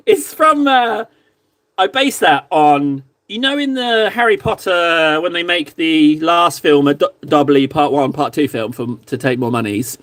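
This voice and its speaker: A man casually chatting to his stream viewers while painting models, joking around and sometimes mock-shouting at them. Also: fairly high pitch, measured pace. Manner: playful, jokey, mock-shouts insults at viewers. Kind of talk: casual live-stream chat.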